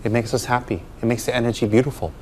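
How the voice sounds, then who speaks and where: A man's voice: medium pitch, little pitch movement, rapid-fire, darkish tone, a little hiss or hum. Emphatic man giving a dharma talk. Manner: emphatic, with rhetorical questions and light laughter. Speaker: Buddhist teacher.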